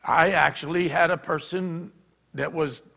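A man preaching a sermon, telling stories and acting out shouted quotes. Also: on the high side, unhurried, gravelly. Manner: animated, acts out shouted quotes. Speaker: pastor. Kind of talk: sermon storytelling. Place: church. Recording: church hall reverb.

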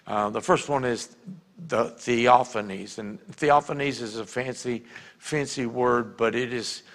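An older man with a Louisiana accent delivers a sermon from a church pulpit. His voice has a gravelly edge at an everyday pitch. He talks earnestly, like someone telling his own story, and gets quiet and intimate when it matters. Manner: earnest storytelling, drops to a quiet hush for emotional moments. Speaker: pastor. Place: church sanctuary.

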